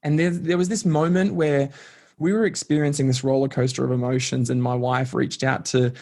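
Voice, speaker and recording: A man's voice: medium pitch, flat delivery, brisk, a little mellow. Man, podcast guest, earnest and reflective, conversational. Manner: reflective, earnest, lots of "like" and "kind of". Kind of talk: casual conversation.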